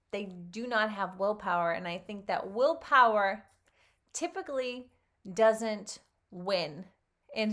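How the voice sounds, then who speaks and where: Reading a children's story aloud, a female health coach with a medium-pitched voice then discusses it with lively energy and frequent laughter.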